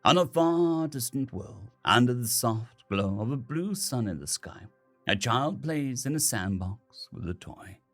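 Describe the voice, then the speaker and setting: Husky, expressive male storyteller. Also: mid-range voice, measured pace. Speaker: story narrator. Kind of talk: scripted narration. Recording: faint background music.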